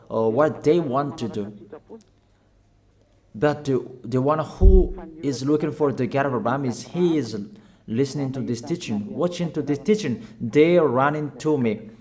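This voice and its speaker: A man preaching a sermon in halting non-native English, urging his listeners with short, repeated commands and pausing on fillers. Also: medium pitch, a little mellow. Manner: emphatic, repetitive exhortation with short commanding phrases.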